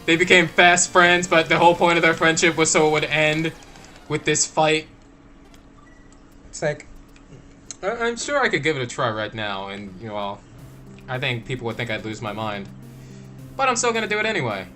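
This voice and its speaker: A man's voice: on the high side, big pitch swings, moderate pace, long pauses, pushed and bright, faint music behind. Playful young man voicing game characters. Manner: playful and chatty, switching between made-up voices for game characters in conversation. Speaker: gameplay video host. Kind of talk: playing a game and chatting.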